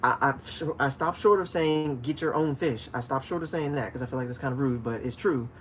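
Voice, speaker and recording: A man hosting a casual fishing livestream, chatting with viewers and acting out stories with sudden loud calls. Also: medium pitch, brisk, slight background noise. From DC, Maryland, Virginia area. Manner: animated storytelling, acts out shouted calls. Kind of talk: casual livestream chat, reading viewer comments.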